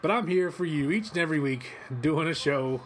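Hosting casual watch-along commentary from a chilly home office studio, this western Kentucky man speaks a little high. He rambles, swears freely, and is prone to sudden excited outbursts.

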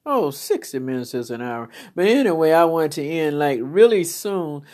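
A woman's voice: sits low, lively intonation, normal speed, a little mellow. A middle-aged woman preacher giving a personal testimony, telling her story with laughter and feeling. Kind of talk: testimony sermon.

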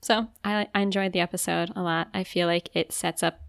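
A woman's voice: fairly low pitch, steady tone, brisk, creaky, clean tone, no echo, clean studio sound. A young woman co-hosting a podcast in casual chat, talking loosely with lots of "like" fillers and easy laughs. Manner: chatty, many "like" fillers, giggly. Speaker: podcast co-host.

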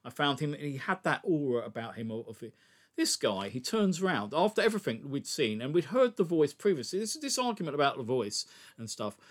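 A man's voice: on the high side, big pitch swings, fairly quick. A man co-hosting a casual film discussion, speaking emphatically and pressing his strong opinions.

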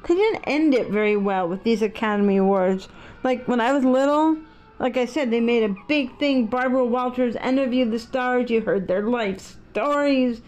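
A woman's voice: on the high side, a little mellow. A middle-aged woman vlogging in a rambling, outspoken, opinionated casual monologue.

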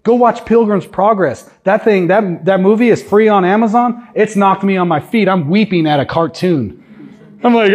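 A man's voice: high voice, moderate pace, a little mellow. A man preaching an earnest sermon as a guest preacher in a church, emphatic and full of rhetorical questions to the congregation.

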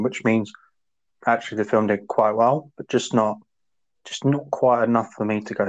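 A man co-hosting a podcast, rambling casually and acting out quotes in sudden high voices. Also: fairly even intonation, moderate pace, highs cut off. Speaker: podcast co-host. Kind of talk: casual chat.

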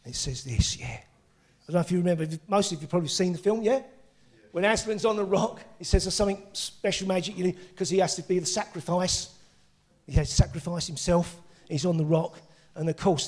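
Man, middle-aged, preacher, excitable sermon, husky. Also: sits high. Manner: excitable, breaks into shouts and exclamations.

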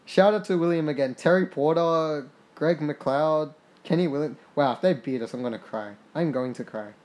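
A young man doing casual commentary on a basketball sim game, reading stats aloud, swearing freely and getting excited. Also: fairly high pitch, normal speed. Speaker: gaming podcaster.

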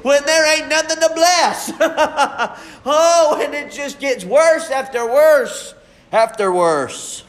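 High-voiced, slow-preaching young man. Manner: fervent, drawn-out preaching with shifts between soft and emphatic. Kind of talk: sermon.

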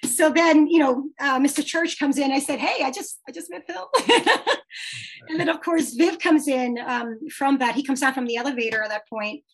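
A high-voiced woman tells a fan story with lively energy. She laughs often and acts out the lines she quotes in a bright, playful way. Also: normal speed. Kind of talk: casual storytelling.

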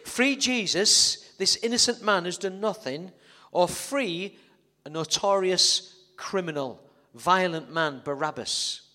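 A man's voice: sits high, takes it slowly, sharp tone. A man preaching a sermon as pastor, telling the story dramatically and joking with the congregation. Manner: dramatic storytelling, jokey asides to the audience. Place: church hall. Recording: echoey church hall reverb.

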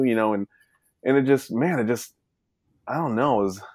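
A man's voice: medium pitch, normal speed, darkish tone, dry recording. Rambling man, dry close sound. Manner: rambling, full of "you know" fillers. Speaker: guest. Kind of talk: casual storytelling.

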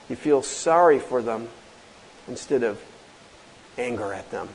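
Emphatic male pastor, high-pitched, rhetorical sermon delivery. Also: moderate pace, darkish tone, slight background noise, poor audio. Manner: emphatic preaching, many rhetorical questions.

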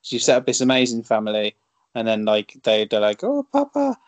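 A man's voice: on the low side, little pitch movement, fairly quick, clear, resonant tone. A man hosting a casual podcast, rambling and joking. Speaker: podcast host. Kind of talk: casual chat.

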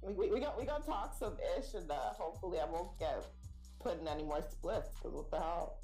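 A woman's voice: lowish voice, brisk, warm tone, echoey room, soft background music, rough recording. A young woman co-hosting a casual podcast, bantering and laughing. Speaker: podcast co-host.

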